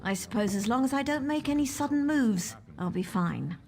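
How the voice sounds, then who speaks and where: A woman's voice: animated, normal speed, a little mellow, slight background noise. A woman voicing a wary tavern patron in a fantasy video game who mutters to herself while drinking alone. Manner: low-key, wary muttering.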